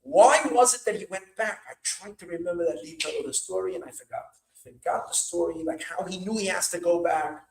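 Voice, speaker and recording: A man, a rabbi, telling a story at an evening gathering, breaking into shouts and restarting his sentences often. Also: high voice, a little fast, gravelly, few pauses, noisy background. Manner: animated, bursts of shouting when retelling yelled lines, many restarts. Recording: echoey room, mic far off.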